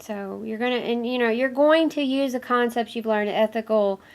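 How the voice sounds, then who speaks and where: A woman teaching an online course in an informal recorded lecture. She has a cold, so her voice is nasal and hoarse at times, and she rambles with fillers and apologies. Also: a little high, normal speed, a little mellow. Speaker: course instructor.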